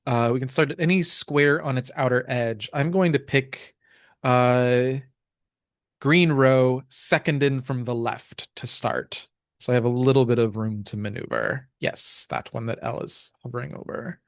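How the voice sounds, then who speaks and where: A man reading game rules aloud and describing scenes in a relaxed way, with many fillers. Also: medium pitch, measured pace, dry recording, clean studio sound. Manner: relaxed, full of ums and uhs. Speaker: tabletop game player.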